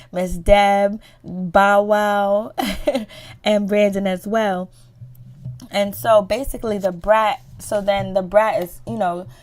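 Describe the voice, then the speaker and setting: A woman giving a casual, chatty recap of a reality show, swearing freely and acting out the people's lines. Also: darkish tone. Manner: chatty, swearing, acts out quotes with rising pitch.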